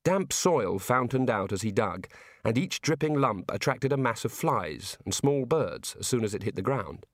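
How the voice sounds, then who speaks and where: A man narrating a storybook in a measured, steady reading. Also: mid-range voice, dry recording, studio quality. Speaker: audiobook narrator.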